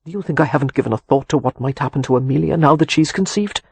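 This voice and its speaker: A weary, protective husband with a husky, slightly high voice, as a male reader plays him. He speaks earnestly with a wry edge, close and dry on the mic. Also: quick pace, darkish tone, dry recording. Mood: heated.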